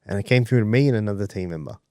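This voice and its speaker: A man co-hosting a podcast in casual chat, talking in an animated way, swearing and acting out the voices he quotes. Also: fairly low pitch, very fast, no echo, clean studio sound. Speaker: podcast co-host.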